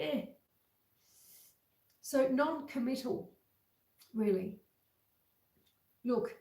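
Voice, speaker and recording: A woman hosting a casual home livestream, chatting slowly with viewers and reading out their comments. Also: on the high side, reverberant. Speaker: livestream host. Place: home kitchen. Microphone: computer webcam.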